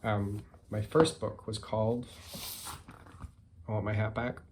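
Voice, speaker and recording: A man, a picture book author, reading his story aloud and chatting about it in a relaxed, self-deprecating way. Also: lowish voice, slow, noisy background.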